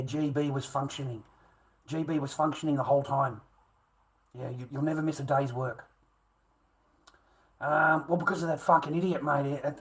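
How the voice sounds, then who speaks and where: A man's voice: medium pitch, low-quality recording. A man telling a rambling personal story, swearing constantly and repeating himself. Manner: swears constantly, restless and repetitive.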